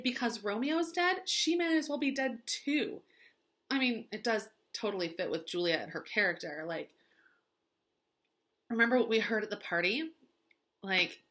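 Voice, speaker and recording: A woman's voice: mid-range voice, fairly bright tone. A woman teacher retelling a play as gossipy valley-girl chatter, full of "like" and dramatic asides.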